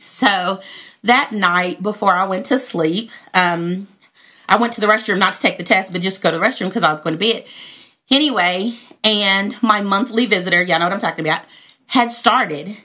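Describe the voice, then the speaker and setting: A woman's voice: mid-range voice, normal speed, sharp tone. A woman, telling a heartfelt personal story to her viewers with many fillers and praise for God. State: near tears. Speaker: vlogger.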